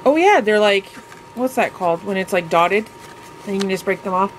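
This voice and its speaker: A woman chatting casually as she opens crafting mail, gushing and excitable, full of fillers. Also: mid-range voice, brisk, slight background noise, rough recording. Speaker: craft vlogger; mother. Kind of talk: casual unboxing chat.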